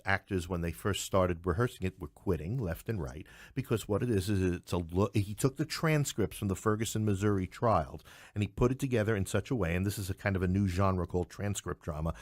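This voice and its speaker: A man's voice: low voice, fairly quick, darkish tone, no echo, clean studio sound. An American man, a playwright, telling stories in a casual interview and acting out the people he quotes. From New York. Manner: chatty storyteller who acts out quoted voices. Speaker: playwright and theater producer.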